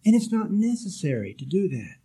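Guy preaching gently, warm mellow voice pitched a bit high, some jokes mixed in. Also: very animated, brisk, breathy edge. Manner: gentle, exhorting, with light humor. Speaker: spiritual teacher. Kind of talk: sermon.

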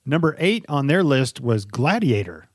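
Lively, joking middle-aged man, dry sound. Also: mid-range voice, normal speed, husky, no echo. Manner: joking, playful, lively delivery. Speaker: podcast co-host, father. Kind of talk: casual chat.

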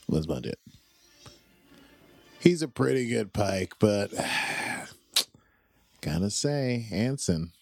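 A man co-hosting a casual movie watchalong, relaxed and playful, with short reactions and jokes. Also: fairly low pitch, extremely slow, vocal fry, pauses often, faint music behind. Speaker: podcast co-host.

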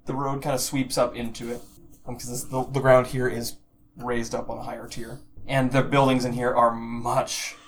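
A man's voice: medium pitch, little pitch movement, moderate pace. A man narrating as game master of a tabletop game, describing scenes with restarts and fillers.

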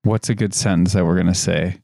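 Low gravelly man hosting a podcast. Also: steady tone, a little fast, warm tone, no room sound, studio quality. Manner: rambling, laughs often, trails off with fillers. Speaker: podcast host. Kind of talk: casual chat.

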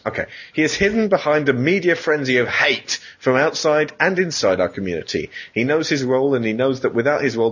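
A man's voice: medium pitch, fairly bright tone, husky, highs cut off. Man reading in mock-solemn tones. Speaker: podcast host. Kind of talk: comedy podcast reading.

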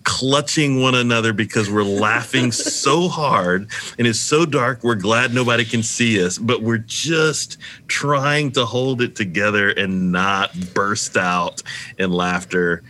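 Man, middle-aged, pastor guest, low voice, bright, very lively pitch. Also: slow pace. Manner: animated storyteller, laughs easily. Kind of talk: casual podcast chat.

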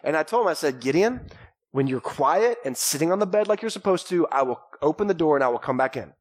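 Lively preaching man, slightly high voice. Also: fast. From Texas. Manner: lively preaching, calls to the congregation. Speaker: pastor. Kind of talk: sermon. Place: church sanctuary before a congregation. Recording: live church recording.

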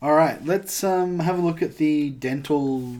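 A woman's voice: deep voice, measured pace, warm tone. A woman playing a tabletop game, thinking aloud with hesitant fillers. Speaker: player. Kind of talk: casual game chat.

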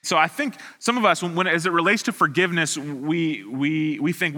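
A man's voice: a little high, moderate pace, hardly any pauses, bright, forceful tone. A man, a student pastor preaching an online sermon in a casual, self-deprecating way with frequent restarts. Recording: long hall reverb.

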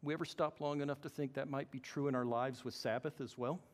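Animated male pastor in a reverberant church. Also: mid-range voice, fast talker. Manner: animated, acts out quoted voices. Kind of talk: sermon. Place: church hall. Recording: long hall reverb.

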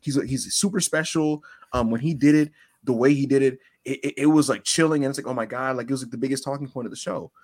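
A man co-hosting a podcast, talking casually and animatedly, sometimes mocking shouted promos in a high strained voice. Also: quick pace, few pauses. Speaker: podcast co-host. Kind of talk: casual chat.

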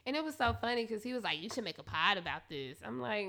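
A young woman hosting a podcast, telling a candid, profane story in a casual monologue with quick asides to her listeners. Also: medium pitch, lively intonation, pushed and bright. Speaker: podcast host.

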